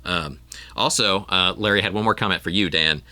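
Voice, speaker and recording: A man's voice: low-pitched, normal speed, pushed and bright, no room sound. A man hosting a podcast in casual chat, rambling with frequent ums and restarts. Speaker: podcast host.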